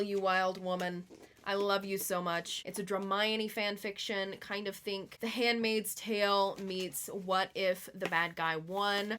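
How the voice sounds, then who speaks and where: A woman vlogging a book haul outdoors, gushing and excitable, swearing casually, recorded on a camera mic. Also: medium pitch, a little hiss or hum. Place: outdoors on a fall day.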